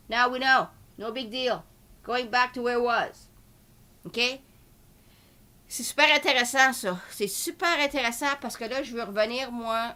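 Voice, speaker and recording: A woman from Canada with a Quebec French accent, hosting a live market commentary in an excitable way and peppering her talk with filler tags. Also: fairly high pitch. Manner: excitable, switches between French and English, full of filler tags. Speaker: host.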